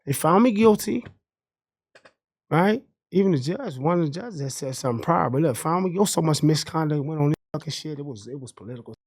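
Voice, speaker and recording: A man in his fifties, a podcast guest, telling his story in an animated, profane way and acting out the courtroom dialogue. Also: a little high, brisk.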